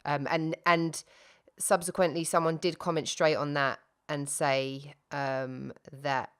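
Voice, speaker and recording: Woman, low smooth voice, podcast co-host, casual chat, rambling and self-interrupting. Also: little pitch movement, slow pace. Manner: chatty, self-interrupting, laughs at herself.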